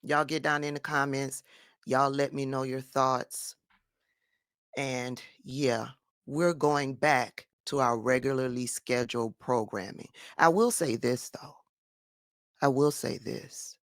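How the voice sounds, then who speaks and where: A woman's voice: rumbling low, fairly even intonation, slow pace, no echo, studio quality. A woman giving firm, emphatic political commentary in a vlog monologue.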